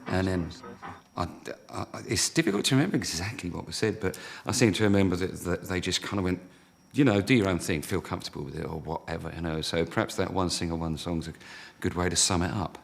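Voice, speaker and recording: A singer in a documentary interview, reflecting hesitantly on a recording session. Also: male voice, low voice, quick pace, vocal fry.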